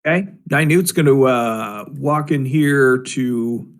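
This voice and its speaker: A man playing a tabletop game online, unhurried and hesitant as he describes his character's moves. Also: mid-range voice, clean tone. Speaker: player.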